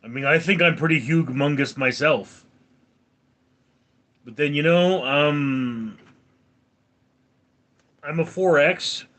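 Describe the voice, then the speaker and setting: He's a Californian livestream host in his forties, reading viewer comments and giving dry responses in a casual setting. His voice sits fairly high with a slightly bright tone.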